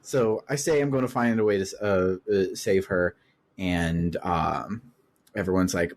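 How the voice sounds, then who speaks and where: A man's voice: deep voice, steady tone, a little slow. A man hosting a casual video game discussion, laughing often and hesitating with fillers. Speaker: podcast host. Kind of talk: casual game-club chat.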